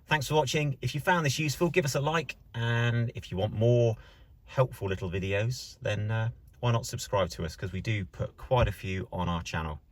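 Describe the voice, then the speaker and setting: A man's voice: medium pitch, moderate pace, no echo. A man from a car dealership giving a casual how-to demonstration from inside a car, explaining plainly step by step as he points things out. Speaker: car dealership staff presenter.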